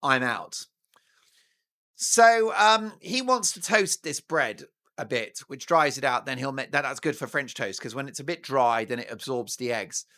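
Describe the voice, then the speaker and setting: A man's voice: mid-range voice, animated, unhurried, sharp tone. A man giving scornful, indignant commentary in a theatrical manner. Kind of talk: opinionated commentary.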